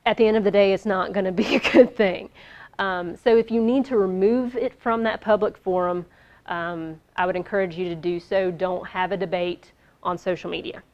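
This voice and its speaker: A woman giving a casual business workshop, upbeat, lighthearted and conversational. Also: medium pitch. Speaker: workshop presenter. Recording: dull lo-fi recording.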